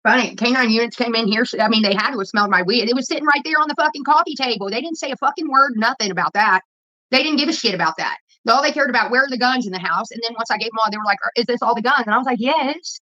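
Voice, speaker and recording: A woman rambles through a blunt, profane rant to her viewers. Her voice is high, bright and sharp, and she talks fast. The audio is dull and lo-fi, like a phone recording. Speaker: vlogger. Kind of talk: casual rant to camera.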